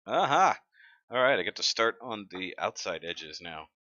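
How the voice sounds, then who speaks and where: Chatty male streamer, lowish pitch, dull dry desk-mic sound. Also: expressive, moderate pace, bright, forceful tone, no echo. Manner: chatty, reads comments aloud, joking. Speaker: livestream host. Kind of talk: casual live-stream chat.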